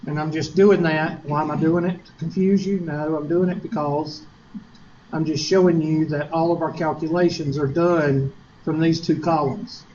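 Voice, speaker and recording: A man's voice: on the high side, fairly even intonation, moderate pace, a little mellow, lo-fi sound, slight background noise. A man with a South Carolina Southern accent lecturing a math class, chatty and joking, asking the class rhetorical questions. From Upstate South Carolina, US. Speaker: college math teacher.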